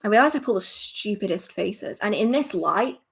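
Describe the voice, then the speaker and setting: A young English woman hosting a casual livestream Q&A, chatty and self-deprecating, laughing often, filmed under bright lights at home. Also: medium pitch, animated, normal speed, vocal fry. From England. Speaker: witchcraft livestream host.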